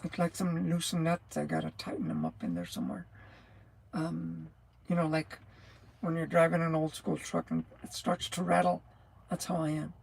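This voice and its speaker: This livestream host is a truck driver from New Mexico, a woman in her sixties with a scratchy, rattly sound. Her voice sits low but animated, at a normal speed, creaky, a little mellow and slightly rough. She chats casually, rambling, often losing the thread and laughing.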